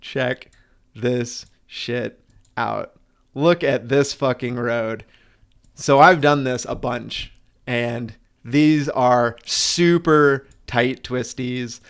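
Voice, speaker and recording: Speaking very slowly in a clean, medium-pitched voice, this man streams live about motorcycles. His casual talk wanders, gets profane, and keeps restarting.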